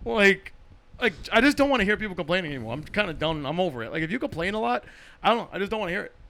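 A man's voice: high-pitched, very animated, racing, sharp tone. A man co-hosting a podcast in casual chat, blunt and profane, ranting about what he can't stand. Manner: blunt, profane, opinionated rants. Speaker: podcast co-host.

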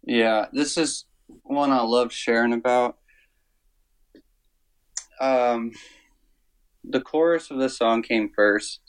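A man speaking as an interview guest, telling a personal story slowly and earnestly, with many pauses and fillers. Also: mid-range voice, clear, resonant tone, poor audio. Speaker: worship songwriter guest.

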